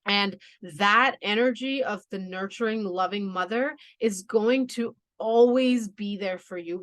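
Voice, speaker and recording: A woman doing a spiritual tarot reading, talking in a soothing, reassuring way with many "you know" and "okay" asides. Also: medium pitch. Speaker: tarot reader.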